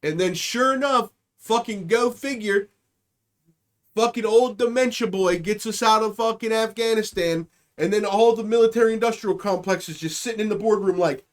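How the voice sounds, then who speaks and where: A man's voice: high voice, moderate pace. A man hosting a comedy podcast, ranting in a profane, rambling monologue and slipping into mocking voices. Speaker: podcast host. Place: home streaming setup.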